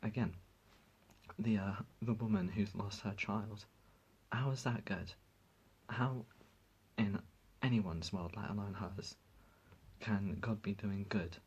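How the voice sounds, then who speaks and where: A man's voice: lowish voice, slightly rough, low-quality recording. A man vlogging to his viewers, speaking in an impassioned, indignant rant that halts and restarts as he gets emotional. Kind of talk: emotional talk to camera.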